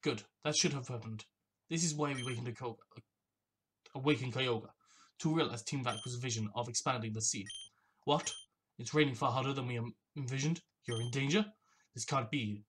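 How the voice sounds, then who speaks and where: A gamer reading out a gruff male villain boss. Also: background noise, natural voice. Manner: reading game dialogue aloud, a bit lower.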